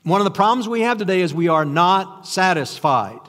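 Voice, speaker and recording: Older male preacher, high voice, chatty, self-deprecating sermon delivery, long hall reverb. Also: lively intonation, moderate pace, fairly bright tone. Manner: conversational, self-deprecating, frequent restarts and rhetorical questions.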